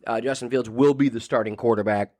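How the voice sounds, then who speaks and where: A man co-hosting a relaxed fantasy football podcast, mid-pitched and unpolished. He rambles through his points with plenty of repeated words and false starts. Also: fast. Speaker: podcast co-host. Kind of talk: casual fantasy football chat.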